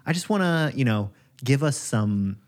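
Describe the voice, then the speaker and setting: A man co-hosting a podcast, trading dry jokes and deadpan one-liners in casual chat. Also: mid-range voice, normal speed. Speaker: podcast co-host.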